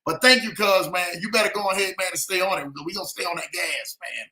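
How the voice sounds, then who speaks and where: Male livestream host, bright and high-pitched, energetic shout-out style, roomy echo. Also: fast talker. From lives in Denver. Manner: hype, repetitive "man" and "in the building". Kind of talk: casual livestream chat with shout-outs.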